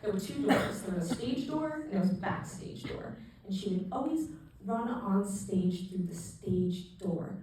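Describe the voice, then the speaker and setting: A young woman doing stand-up, telling a self-mocking story in a deadpan way with pauses. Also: medium pitch. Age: young adult. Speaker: stand-up comedian. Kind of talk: stand-up set. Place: small theater stage with live audience. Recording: echoey room, distant mic, audible noise.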